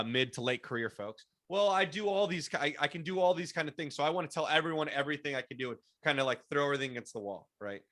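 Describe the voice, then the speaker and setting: Man, first language Spanish, bright voice, coaching tone, stumbles and repeats words, video call. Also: fairly high pitch. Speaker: workshop presenter. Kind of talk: online workshop talk.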